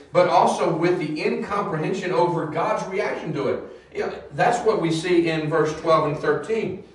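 Teacher in an echoey far-off room. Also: male voice, a little high. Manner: hesitant with many fillers, grows animated. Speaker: Bible study teacher. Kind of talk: teaching a Bible class.

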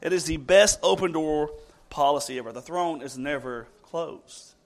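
Man, high voice, preacher, sermon, rhetorical questions, loud then hushed. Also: normal speed.

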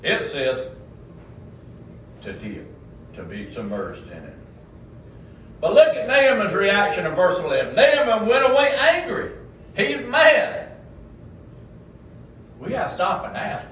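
A man preaching a sermon, who climbs to loud emphatic peaks and drops low for asides. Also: wildly swooping pitch, slow, long pauses, slight background noise. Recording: roomy, distant mic with faint ambience.

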